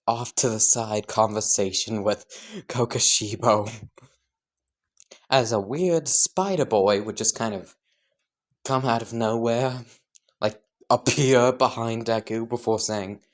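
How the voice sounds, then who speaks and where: A man casually narrating an improvised fan story, rambling and laughing to himself. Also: medium pitch.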